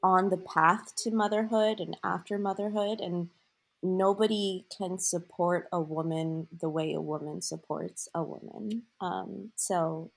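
A woman's voice: fairly low pitch, fairly even intonation, unhurried, gravelly, slightly rough. A woman co-hosting a podcast, talking casually and emotionally, gushing with gratitude. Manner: gushing, emotional, a bit teary. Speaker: podcast co-host.

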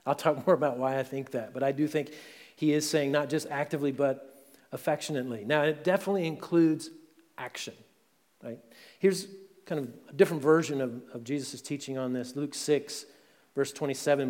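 A man's voice: mid-range voice, steady tone, a little fast, a little mellow. A male pastor preaching a sermon in a conversational way, often checking in with "right?". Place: church sanctuary. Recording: long church hall reverb.

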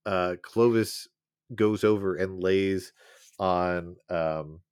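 Low-voiced man chatting about films. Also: very slow, smooth, no room sound, studio quality. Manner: animated, laughs often, acts out lines. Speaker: podcast co-host. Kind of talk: casual film discussion.

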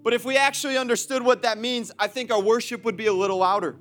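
A man pastor preaching an energetic, repetitive sermon in a church, laughing often. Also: very high-pitched, fast talker, soft background music. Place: church auditorium.

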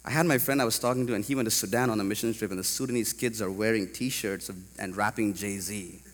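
A man from India preaching a sermon to a congregation, animated and rising to loud emphatic peaks. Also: on the low side, quick pace, long reverb tail. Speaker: pastor. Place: large church hall.

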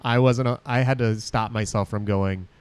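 A man's voice: on the low side, steady tone, moderate pace, clean tone, no echo. A man co-hosting a podcast in casual chat, rambling and correcting himself as he goes. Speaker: podcast co-host.

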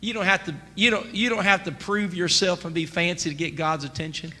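Bright-voiced man preaching in a church hall. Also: sits high, fairly even intonation, brisk. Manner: emphatic preacher, rising to near-shouts. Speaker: pastor. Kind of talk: sermon. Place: church sanctuary. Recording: church sanctuary with long reverb, faint noise.

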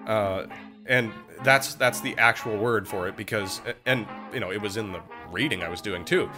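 A man casually telling a history story as a podcast co-host, animated and profane, slipping into voices for quotes. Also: lowish voice, normal speed, over music.

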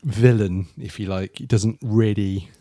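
A man's voice: on the low side, fairly even intonation, measured pace, dark tone, no echo, studio quality. A man chatting casually as a podcast co-host reviewing a film, rambling and restarting his sentences.

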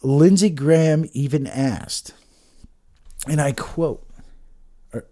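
A man's voice: fairly high pitch, slow, warm tone. A man giving an agitated, profane political rant, full of restarts and swearing. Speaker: political commentator. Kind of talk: ranting political monologue.

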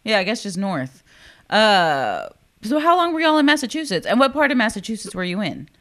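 Woman host, friendly interview chat, mid-pitched everyday voice. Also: very animated, a little fast, fairly bright tone. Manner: encouraging, chatty.

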